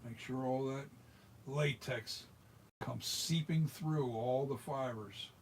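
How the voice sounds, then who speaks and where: A talkative American man walks through a hands-on workshop tutorial in an easygoing, rambling way. His voice sits at a middle pitch, and he often restarts his sentences. A faint hiss of noise runs underneath. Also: takes it slowly. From United States. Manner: chatty and rambling, with frequent restarts. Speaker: mask maker demonstrating. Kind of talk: hands-on tutorial, casual chat.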